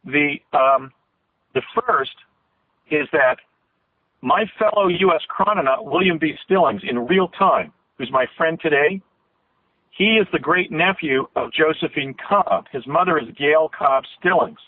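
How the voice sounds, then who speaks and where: A man's voice: fairly high pitch, a little slow, no room sound. A man being interviewed as a guest on a radio show, telling a long story in earnest detail, his voice at times catching with emotion. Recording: tinny phone line, dry.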